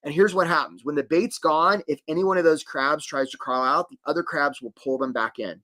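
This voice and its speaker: Male career coach, middle-aged, conversational webinar delivery, slightly high voice. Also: brisk. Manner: animated, conversational, many "right?" tags. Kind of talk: live webinar teaching.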